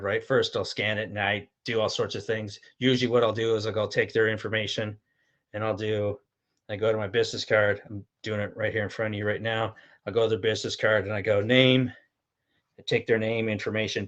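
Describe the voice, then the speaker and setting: A man hosting a live-streamed sales pitch, answering viewer chat in a pushy, hyped salesman patter with mild swearing. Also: a bit bright. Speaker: host selling his own product.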